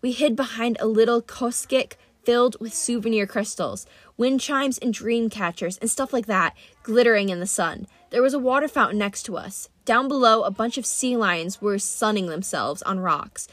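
Adult female narrator reading first-person adventure fiction, brisk and lively; dry, close voice. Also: fairly high pitch, no echo. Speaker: audiobook reader.

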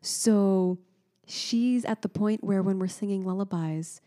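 A woman in her thirties co-hosting a casual chat, telling stories in an animated way and often trailing off to restart. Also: mid-range voice, slow. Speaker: podcast co-host.

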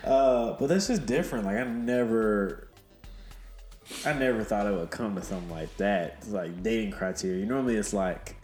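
A man's voice: lowish voice, moderate pace, darkish tone, faint music behind. A man co-hosting a podcast, reflecting in casual chat with joking asides. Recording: echoey room.

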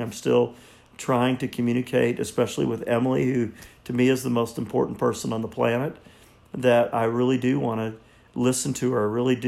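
A man in his sixties, a marriage counselor, speaking in an earnest, halting way as he reflects and teaches. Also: mid-range voice, creaky, darkish tone. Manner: earnest, halting, repeats words.

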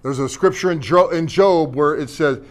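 A middle-aged male pastor with a fairly high voice, preaching in a folksy, joking way. He keeps asking the congregation questions and punctuating his points with amens. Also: normal speed. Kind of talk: sermon.

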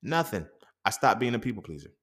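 A young man hosting a podcast, telling a personal story in a profane, animated, slangy monologue. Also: fairly low pitch, quick pace. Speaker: podcast host.

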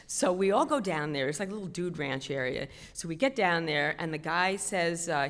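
A middle-aged woman telling a self-mocking story on stage, chatty and animated. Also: lowish voice, normal speed, hardly any pauses. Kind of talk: stand-up storytelling. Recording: long hall reverb.

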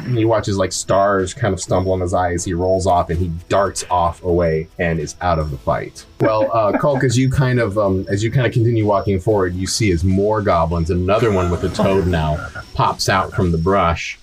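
A man's voice: sits low, normal speed, over music. A young adult man narrating as game master, loose and casual with lots of kinda and like.

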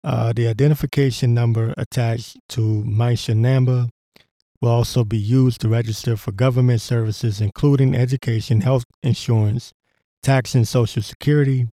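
A man's voice: medium pitch, fairly even intonation, moderate pace, mellow, dry recording, studio quality. A man hosting a podcast, ranting sarcastically with lots of swearing and fillers while reading news aloud. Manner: profane, sarcastic, rambling with frequent fillers. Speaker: podcast host.

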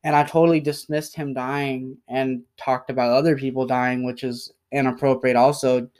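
Halting, apologetic young man, smooth flat voice. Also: mid-range voice. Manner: halting and apologetic, many pauses and fillers. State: emotional. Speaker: podcast host. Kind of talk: solo podcast apology.

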